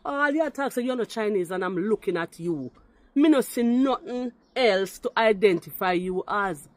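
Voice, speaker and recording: A woman with a Jamaican accent talks back hard, mixing patois into her English. Her pitch sits mid-range, and her tone stays indignant and forceful as she argues her point directly to someone. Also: lively intonation, moderate pace, dry recording. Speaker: commenter responding to a video. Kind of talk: heated rebuttal talk.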